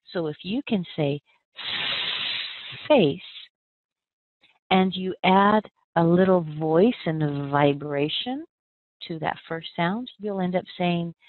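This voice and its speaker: A woman with an American accent giving a pronunciation lesson, slowly and carefully spelling out sounds. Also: fairly low pitch, no room sound. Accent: General American. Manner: slow, careful enunciation of sounds. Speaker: accent trainer. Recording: narrow phone-like sound.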